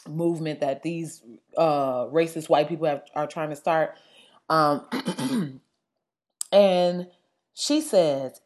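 A woman ranting in blunt, sassy, profanity-filled casual talk, with sudden loud outbursts. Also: deep voice.

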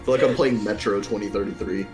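A man's voice: lowish voice, quick pace. A man playing a tabletop game, chatting casually and joking between turns. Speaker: player. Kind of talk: casual chat. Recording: background music.

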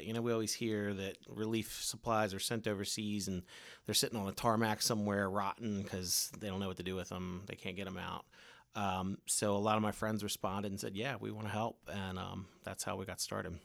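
Earnest, low-voiced man telling a story. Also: normal speed, no echo. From Baltimore area. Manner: earnest, many restarts and fillers, drops to soft trailing ends. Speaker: guest. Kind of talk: casual storytelling in a podcast interview.

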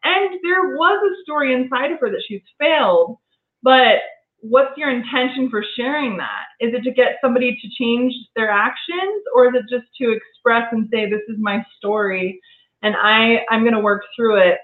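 Woman, earnest and reflective, fairly high voice, echoey room heard over a tinny phone line. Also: moderate pace. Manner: earnest, reflective, with many restarts. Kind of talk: casual conversation.

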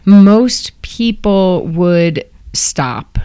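A woman's voice: lowish voice, expressive, extremely slow, warm tone, smooth, no echo, studio quality. A woman hosting a casual interview, chatty and curious as she asks follow-up questions. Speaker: interviewer, host.

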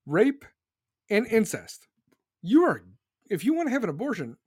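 A man's voice: high voice, very animated, normal speed, darkish tone, breathy edge, no echo, studio quality. A man hosting a podcast, ranting in a heated, profane and emphatic way and often repeating himself. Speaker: podcast host. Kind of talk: heated political rant.

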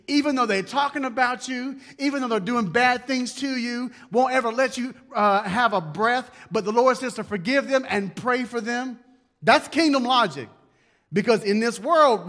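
A man's voice: high voice, fairly bright tone. A male pastor preaching a conversational sermon, repeating key words and acting out little asides.

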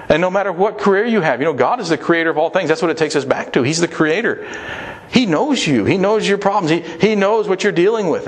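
A man preaching a sermon in an earnest, conversational way, often asking his listeners direct questions. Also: a little high. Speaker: pastor.

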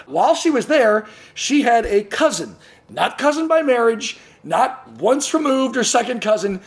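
A man's voice: extremely high pitch, very animated, normal speed. A man hosting a casual comedy podcast, telling stories in a rambling way and laughing often. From California. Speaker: podcast host.

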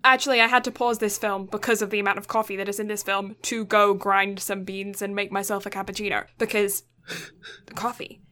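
A woman's voice: medium pitch, level tone, brisk, pushed and bright. A young woman co-hosting a podcast, retelling a film's plot in a chatty, casual way with lots of fillers. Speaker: podcast co-host. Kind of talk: casual film recap.

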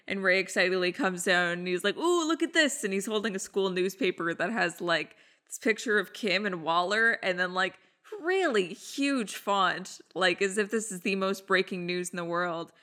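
A woman's voice: moderate pace, hardly any pauses, sharp tone. A woman hosting a podcast, chatting casually through an episode recap and acting out quoted lines. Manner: chatty, acts out lines with pitch jumps. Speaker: podcast host.

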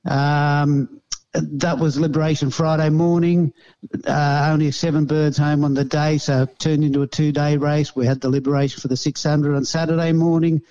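A man's voice: a little high, flat delivery, normal speed, mellow, lo-fi sound. A man, chatting casually about his pigeon racing in a rambling, hesitant way with many fillers. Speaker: pigeon racer. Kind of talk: casual chat.

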